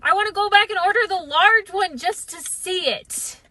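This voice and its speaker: High bright-voiced woman telling comic stories. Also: moderate pace, poor audio. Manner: self-deprecating, rambling, acts out dialogue. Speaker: comedic storyteller. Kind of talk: comic storytime monologue.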